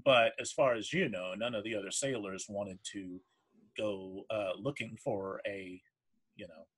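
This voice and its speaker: A man's voice: on the low side, measured pace, husky. Hesitant man running a tabletop game. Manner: hesitant, full of fillers and restarts. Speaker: game master.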